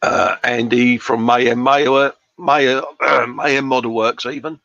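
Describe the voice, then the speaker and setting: A British man hosts a live stream from his home workshop bench, chatting casually, laughing a lot, reading out viewer comments, and calling people "mate" constantly. His mid-range voice is slow, bright, and forceful with vocal fry. The sound is dull and dry, without echo.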